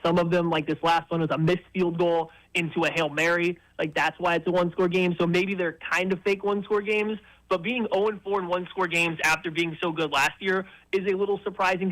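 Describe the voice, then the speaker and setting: A man appearing as a guest analyst on sports talk radio, giving quick, confident football breakdowns. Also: high voice, a bit bright, low-quality recording.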